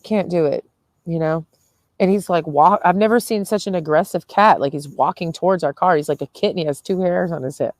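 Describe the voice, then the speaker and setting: Low-voiced young woman vlogging casually. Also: brisk, no echo. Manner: chatty, swears freely, laughs often mid-sentence. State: tired with a headache. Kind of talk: casual rambling vlog.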